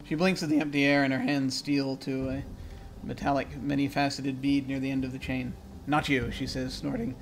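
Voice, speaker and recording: A man's voice: mid-range voice, flat delivery, a little fast, creaky, soft background music. A man narrating a video game, thinking aloud and reading the game text in a casual way. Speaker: let's play host. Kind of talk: casual gameplay commentary.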